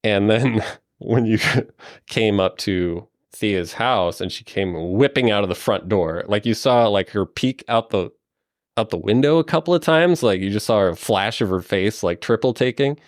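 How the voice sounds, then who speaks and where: A man's voice: fairly low pitch, a little slow, no echo, studio quality. A man narrating a tabletop role-playing game as game master, rambling and chuckling as he describes scenes.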